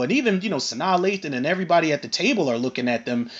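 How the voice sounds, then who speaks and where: A man recapping and reviewing a TV episode in a casual, animated and profane way, acting out bits of dialogue. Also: on the high side, rapid-fire, highs cut off. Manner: animated, profane, retells scenes with acted quotes. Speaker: film and TV reviewer.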